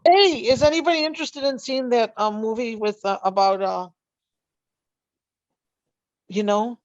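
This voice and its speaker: A woman's voice: on the high side, a little slow, no room sound, lo-fi sound. Blunt, teasing woman on a video call. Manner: blunt, teasing, swears freely. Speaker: podcast co-host. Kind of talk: casual group chat.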